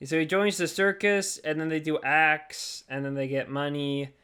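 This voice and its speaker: A man's voice: on the high side, level tone, moderate pace, sharp tone, clear, resonant tone. A man co-hosting a podcast, chatting casually about a movie and joking around, acting out characters in silly voices. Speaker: podcast co-host. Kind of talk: casual movie review chat.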